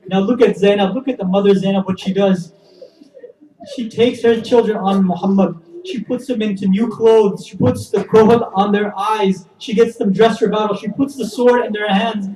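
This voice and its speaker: A man's voice: sits high, recorded from a distance. Impassioned man preaching in an echoey hall. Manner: builds from hushed to impassioned, addresses audience directly. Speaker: speaker at a religious gathering. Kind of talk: emotional Muharram sermon storytelling. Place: community center hall.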